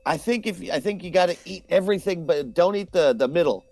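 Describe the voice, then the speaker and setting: A man's voice: high voice, lively intonation, a little fast, vocal fry, darkish tone. A man playing a tabletop role-playing game, talking in a playful, joking way. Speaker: player.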